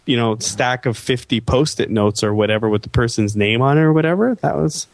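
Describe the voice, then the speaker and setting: A man's voice: medium pitch, a little fast, creaky, dry recording, studio quality. A man in a casual chat, telling a rambling, wry story with many asides. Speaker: podcast co-host.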